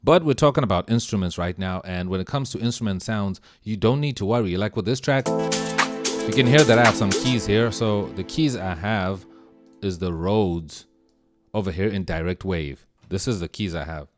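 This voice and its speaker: A man with a low voice speaks at a normal speed, giving an easygoing, slang-heavy music production lesson as he walks through sounds. It's a casual screen-share tutorial, and music plays beneath his voice.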